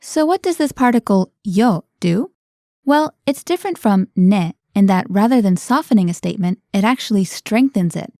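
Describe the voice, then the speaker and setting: A woman hosts a scripted language lesson in a warm, mellow voice. She explains clearly and keeps the lesson moving with guiding questions, heard dry and close to the mic. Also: mid-range voice, lively intonation, normal speed, no echo.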